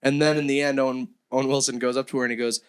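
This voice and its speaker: A young man co-hosting a casual podcast, excitable, swearing freely and laughing often. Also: medium pitch, rapid-fire, smooth. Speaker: podcast co-host. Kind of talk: casual chat.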